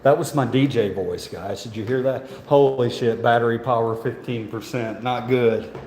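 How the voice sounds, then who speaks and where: A rambling, joking man talks to his viewers on a handheld phone. His voice is mellow and low-key, and it bounces around echoey rooms over a faint hum of ambience. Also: normal speed. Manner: chatty, joking, rambling, laughs often. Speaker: vlogger. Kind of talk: casual vlog walkthrough. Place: indoor museum halls.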